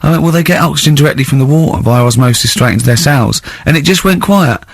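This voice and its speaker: Man, English accent, radio comedy host, excitable storyteller, dry close mic. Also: on the high side, quick pace, gravelly, no room sound. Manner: excitable storytelling, laughing often.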